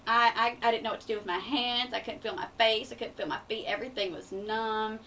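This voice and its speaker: A woman's voice: a little high, fairly quick. Bubbly young woman telling stories. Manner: animated storyteller, bubbly. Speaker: guest, pageant winner. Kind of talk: casual radio interview. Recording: distant mic with faint room noise.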